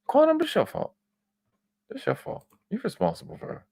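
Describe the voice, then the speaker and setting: Brief: gravelly, profane male stream host, dry close sound. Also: very high voice, wildly swooping pitch, moderate pace, warm tone, no room sound. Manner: profane, exclamatory. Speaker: livestream host. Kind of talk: live reaction commentary.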